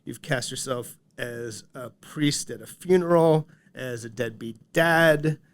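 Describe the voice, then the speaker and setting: A man's voice: mid-range voice, slow. Eager male interviewer. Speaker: interviewer, magazine writer. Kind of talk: interview questions.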